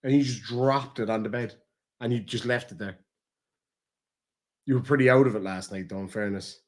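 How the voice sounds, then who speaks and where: A young man rambles through stories in a relaxed chat with his partner. He swears freely and acts out what people said. His voice sits at an ordinary pitch. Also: moderate pace. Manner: swearing, rambling storytelling with acted quotes. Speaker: streamer host.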